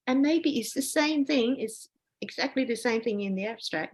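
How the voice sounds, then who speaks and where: A woman professor as a podcast guest, giving reflective advice in a relaxed conversational way, often saying "you know". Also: mid-range voice, husky. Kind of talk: conversational interview answers.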